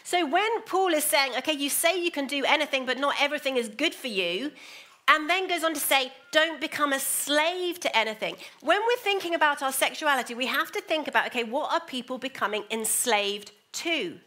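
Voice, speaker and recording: A woman delivering a sermon in a fairly high, bright voice. She drops to a near whisper for quiet asides, then rises into lively, emphatic bursts. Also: fairly quick. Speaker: preacher.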